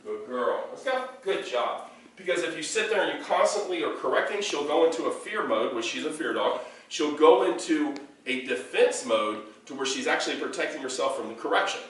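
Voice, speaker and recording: A man's voice: fairly high pitch, animated, a little fast, a bit bright. Man coaching a dog lesson in an echoey room. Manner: explains in loose spoken bursts, with demonstrations mixed in. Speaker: dog trainer. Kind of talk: hands-on training lesson. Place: indoor training room. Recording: echoey room, picked up from a distance, faint background noise.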